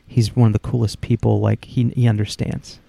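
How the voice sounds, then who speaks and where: A man's voice: lowish voice, flat delivery, brisk, creaky, warm tone, slightly rough, no echo. A man, a podcast co-host, making wry, self-mocking remarks in casual chat.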